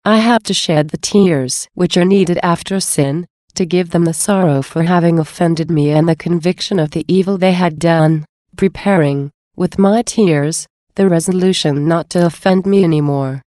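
A woman reads as a tender, sorrowful grown man in a gentle, measured devotional reading. The voice sits low and mellow. The sound is close and dry. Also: no room sound, lightly acted. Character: tender sorrowful adult man, Jesus speaking.

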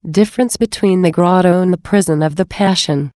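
A woman reads a devotional text in a slow, reverent, measured way. Her voice is fairly low and mellow. The recording is close and dry. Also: dry recording. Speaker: reader. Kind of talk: devotional scripture-style reading.

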